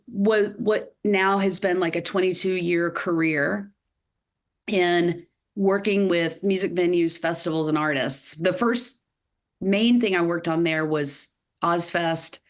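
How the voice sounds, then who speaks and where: Lively Southern woman telling stories. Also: fairly low pitch. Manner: lively storyteller, many fillers. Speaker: guest. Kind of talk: podcast interview.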